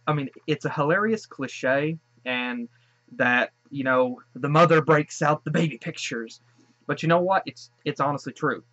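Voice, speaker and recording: A man's voice: medium pitch, a bit bright, dry recording, highs cut off. A man giving casual reaction commentary on a cartoon episode. He gushes and rambles, restarting his sentences often. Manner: gushing and rambling, many restarts. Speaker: show reaction host.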